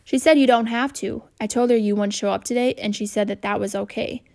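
A woman voicing a mild, good-natured young schoolboy who speaks softly and reasonably. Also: on the high side, steady tone, a little fast, vocal fry. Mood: earnest. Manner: soft-spoken, reasonable.

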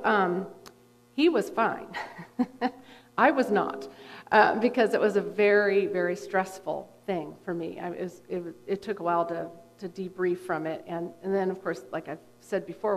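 A middle-aged woman, a therapist and guest speaker, telling a personal story in a conversational, animated way with frequent fillers. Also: lowish voice. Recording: long reverb from a hall.

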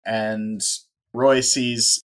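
A man's voice: lowish voice, flat delivery, drawn-out words. A man co-hosting a casual talk show, making wry, sarcastic asides. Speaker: podcast co-host. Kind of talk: casual chat.

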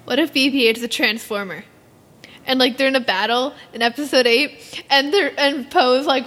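A teenage girl chatting casually as a podcast co-host, rambling and giggly, telling animated stories. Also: sits high, normal speed. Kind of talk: casual fan chat.

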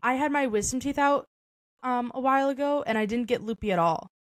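A woman's voice: a little high, a little fast, dry recording. A young woman co-hosting a podcast in casual chat, loose and talkative, with lots of "like" and "um" fillers and frequent laughter. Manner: chatty, full of "like" and "um" fillers, laughs often. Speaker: podcast co-host.

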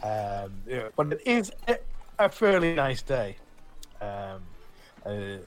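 A man's voice: mid-range voice, a bit bright, slight background noise. A man narrating as game master of a tabletop role-playing game, rambling with many restarts.

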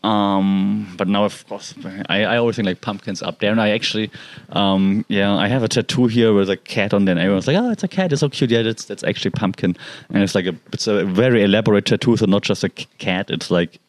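Low-voiced man rambling through a story. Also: fairly even intonation, brisk, no echo. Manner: rambling, heavy use of "like" and restarts. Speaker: pet owner telling a personal story. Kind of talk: casual storytelling.

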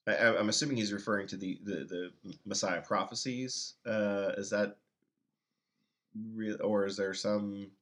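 A man co-hosting a casual Bible-study chat, asking questions in a halting way, searching for words. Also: fairly low pitch, steady tone, fairly bright tone. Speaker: podcast co-host asking about weekly readings.

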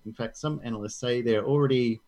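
A man's voice: medium pitch, fast, a little mellow, rough recording. A man co-hosting a casual tech news podcast, reading articles aloud and joking with his co-host.

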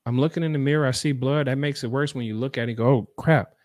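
A man's voice: medium pitch, steady tone, very fast, a little mellow, dry recording, studio quality. Earnest male storyteller, mid-range voice, conversational and repetitive. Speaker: speaker telling a personal story. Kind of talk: motivational personal storytelling.

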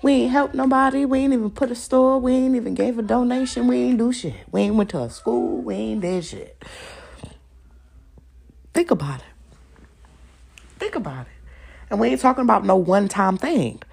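Gravelly, husky woman ranting with curses. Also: fairly high pitch, brisk, hardly any pauses, a little mellow. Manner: profane, confrontational, repeats lines for emphasis. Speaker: podcast host. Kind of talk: solo podcast rant.

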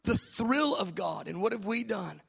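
A man, a pastor preaching a charismatic sermon, swinging from soft musing to shouted preaching. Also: high voice, expressive, normal speed, vocal fry, breathy edge.

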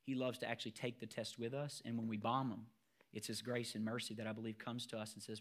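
A man's voice: mid-range voice, level tone, fast talker. A man preaching a sermon as pastor, emphatic and asking the congregation rhetorical questions.

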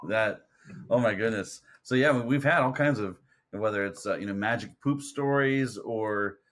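A man's voice: fairly low pitch, moderate pace, a bit bright. A man hosting a casual podcast, thanking his guest with friendly enthusiasm. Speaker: podcast host. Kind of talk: casual chat.

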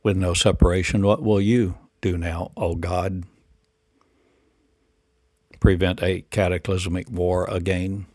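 A man's voice: low-pitched, flat delivery, slow pace, pauses often, a little mellow, no room sound, studio quality. A man delivering a rambling spiritual monologue in incantatory, repetitive declarations and rhetorical questions.

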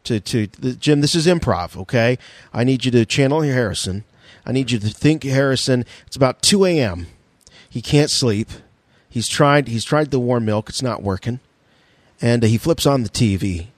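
A man's voice: medium pitch, lively intonation, moderate pace, no echo. A man co-hosting a podcast, joking and rambling with plenty of fillers. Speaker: podcast co-host. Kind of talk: casual chat.

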